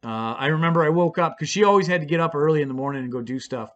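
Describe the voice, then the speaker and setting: A man's voice: a little high, rapid-fire, a bit bright, lo-fi sound. A man casually telling a story, rambling and swearing freely with lots of fillers. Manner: rambling and profane, with many fillers. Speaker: storyteller vlogger.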